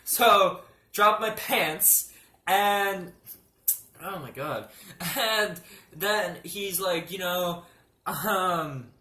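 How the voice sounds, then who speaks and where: Young guy telling an embarrassing story, swears a lot, stammers, bright sharp voice, echoey room. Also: high-pitched, very slow, pauses often. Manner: animated, joking, swearing, stammering. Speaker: vlogger. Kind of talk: storytime vlog.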